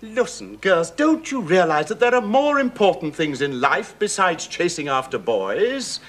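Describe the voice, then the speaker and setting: A fussy English writer. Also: male voice, sits high, very animated, measured pace, heavily acted. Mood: chatty. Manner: fussy and self-amused. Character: fussy, chatty English male writer, a dog lover. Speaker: sitcom lead. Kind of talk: 1970s sitcom acting. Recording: noisy old TV broadcast.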